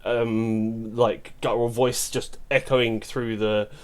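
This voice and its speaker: A man's voice: on the low side, little pitch movement, slow pace. A man running a tabletop game as game master, describing scenes with frequent hesitations. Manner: descriptive, with frequent ums and sort-ofs.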